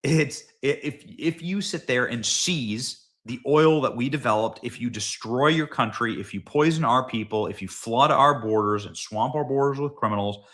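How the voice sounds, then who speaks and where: A man hosting a live political commentary stream from home, talking in a fired-up, emphatic way with sudden loud, high outbursts. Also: moderate pace, few pauses.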